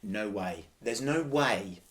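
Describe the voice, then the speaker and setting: Sex: man. Role: podcast co-host. Style: casual football chat. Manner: passionate, insistent, repeats himself for emphasis. Pitch: mid, very lively. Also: slow pace.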